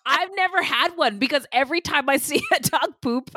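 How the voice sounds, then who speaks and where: A woman's voice: sits high, normal speed, no echo, clean studio sound. A woman co-hosting a podcast in casual chat, laughing often and singing playful jingles. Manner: giggly, animated, sings playful jingles. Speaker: podcast co-host.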